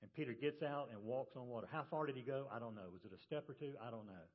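A male pastor preaching a sermon to his congregation in a relaxed, storytelling way. He drops his voice low for quoted words. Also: fast, muffled recording. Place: church service.

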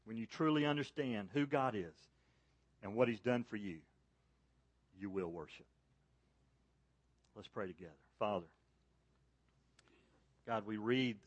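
A man preaching a sermon to a church congregation, rising to loud, high emphasis on key points and falling soft and low in prayer. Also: dry recording. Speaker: pastor. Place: church service.

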